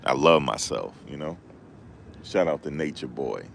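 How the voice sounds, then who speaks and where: A man with an extremely deep, low voice talks loosely to his live-stream viewers. His delivery is laid-back and repetitive, full of street slang, like a rideshare driver chatting between rides. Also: animated, moderate pace, vocal fry, slight background noise. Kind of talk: casual live-stream chat.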